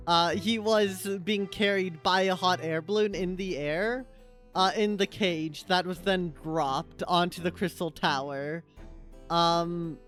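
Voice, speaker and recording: A streamer talking through a game live, in a rambling, self-mocking way that keeps doubling back. Faint game music sits under the voice, and the pitch is mid-range. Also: fairly bright tone. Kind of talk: live game commentary and reading.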